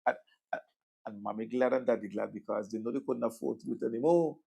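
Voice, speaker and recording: A man with a Vincentian accent hosting a political talk show, sardonic and conversational, swinging between loud jabs and murmured asides. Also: medium pitch, fast talker, creaky, slightly rough. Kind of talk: political commentary.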